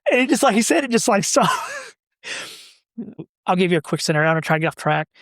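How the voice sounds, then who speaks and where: A man, a podcast guest telling stories about his brother in a halting, rambling way. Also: high voice, animated, a bit bright, no room sound, clean studio sound. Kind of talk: casual storytelling.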